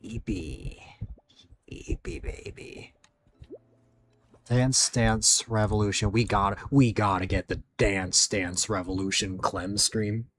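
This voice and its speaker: A man's voice: fairly low pitch, fairly even intonation, a little slow, few pauses, a bit bright. A man streaming late at night, chatting casually with viewers, sleepy and rambling, losing his words.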